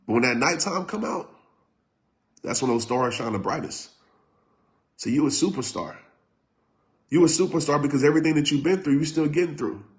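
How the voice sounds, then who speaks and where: A man giving a live-streamed motivational talk, preaching emphatically, repeating his points and sometimes shouting. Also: mid-range voice. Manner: talks directly to live viewers. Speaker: motivational speaker.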